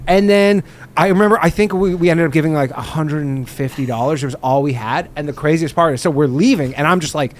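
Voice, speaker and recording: A man's voice: a little high, fast talker, slight background noise. A man in his thirties chatting casually, telling stories with swearing and laughter. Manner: animated storyteller, swears, laughs through punchlines. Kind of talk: casual chat.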